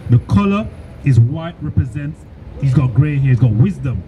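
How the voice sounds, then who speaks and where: A man preaching on a city street, arguing forcefully and calling the other man brother. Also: mid-range voice, lively intonation, moderate pace, a little hiss or hum.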